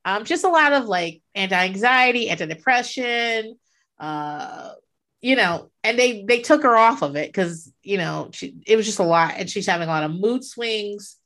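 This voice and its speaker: A woman's voice: medium pitch, normal speed. A middle-aged woman in casual chat, telling stories with lots of swearing. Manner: animated storyteller, swears freely. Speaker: podcast co-host.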